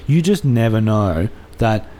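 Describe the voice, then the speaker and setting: A man's voice: fairly low pitch, very animated, measured pace, warm tone. A man co-hosting a casual football chat, talking earnestly and at length with frequent restarts. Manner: earnest, rambling, many restarts and fillers.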